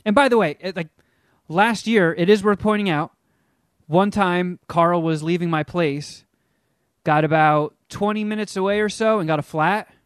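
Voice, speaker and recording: Brief: man, fairly high voice, dry close sound, casual comic storyteller. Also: moderate pace, clear, resonant tone, dry recording. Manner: animated, rambling, self-mocking; acts out quotes in character voices. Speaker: podcast co-host.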